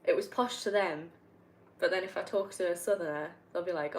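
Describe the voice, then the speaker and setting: A woman's voice: lowish voice, a little fast, low-quality recording. A young woman from North East England with a Northumbrian accent, chatting casually and rambling while she plays a game and answers viewer questions. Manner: chatty, rambling, laughs often. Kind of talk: casual chat while gaming.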